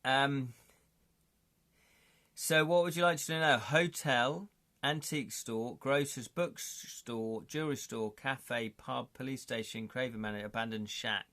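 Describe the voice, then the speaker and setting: While reading a gamebook live, a man casually banters with his viewers, joking, addressing chat and laughing frequently. His mid-range voice is bright and forceful, with a measured pace.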